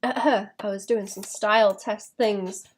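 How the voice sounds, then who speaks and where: A woman's voice: mid-range voice, steady tone, slow pace. A woman chatting casually while she draws on a live stream, thinking aloud with small laughs and restarts. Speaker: illustrator streaming her drawing.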